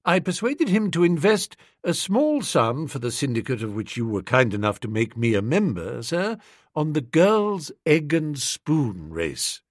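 A man voicing a dignified valet who speaks in a measured, formal, polite manner. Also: a little high, no echo, clean studio sound. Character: deferential, composed male valet, dignified.

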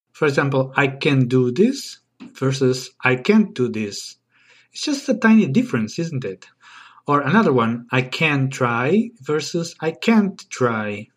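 A man's voice: on the high side, husky. A man with a Portuguese accent, a native Portuguese speaker, hosting a comic podcast monologue in a playful, mock-exasperated, self-deprecating way. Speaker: podcast host.

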